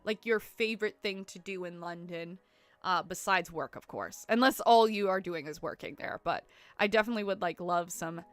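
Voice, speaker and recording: A woman's voice: lowish voice, moderate pace, dry recording, faint music behind. Giggly Canadian woman chatting on stream. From Ontario, Canada. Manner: chatty, lots of "like" and "um", giggly, apologetic. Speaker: livestreamer. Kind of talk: casual livestream chat with viewers. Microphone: desk mic she keeps bumping.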